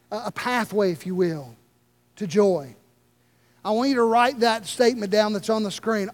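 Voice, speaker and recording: A man preaching a sermon as pastor, with impassioned delivery and dramatic slow pauses. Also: very high voice. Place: church sanctuary.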